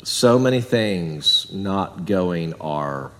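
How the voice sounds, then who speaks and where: A man preaching a sermon in a chatty way, jumping from loud emphatic bursts down to quiet asides. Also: low-pitched, expressive, extremely slow, in a large hall. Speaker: pastor.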